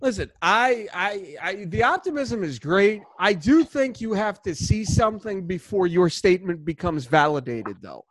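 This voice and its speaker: High-voiced man rambling on sports. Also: normal speed, few pauses, dry recording. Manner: animated, rambling with restarts. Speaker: podcast host. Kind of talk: casual sports chat.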